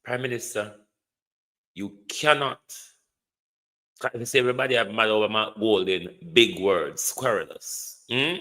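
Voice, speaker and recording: A man's voice: on the low side, measured pace, fairly bright tone, poor audio. A Jamaican man hosting a livestream, delivering a scornful, emphatic political rant and repeating his insults. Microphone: streaming setup.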